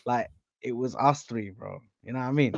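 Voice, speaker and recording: A young man hosting a casual football live stream, full of slang and shout-outs to viewers. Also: medium pitch, moderate pace, creaky, dry recording, muffled recording. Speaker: host.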